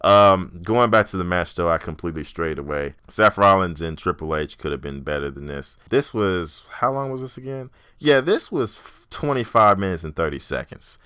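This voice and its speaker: Low, smooth-voiced man ranting. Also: lively intonation, normal speed, hardly any pauses, pushed and bright, no room sound, studio quality. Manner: blunt, profane, ranting, mocks others in exaggerated voices. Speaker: podcast host. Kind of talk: casual solo wrestling review.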